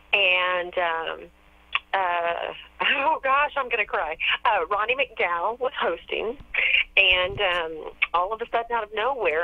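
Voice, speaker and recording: A woman guest in a casual phone interview, telling stories in a warm, chatty way with plenty of fillers and restarts. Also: medium pitch, dry recording, phone-quality sound. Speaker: radio DJ and PR firm owner, interview guest.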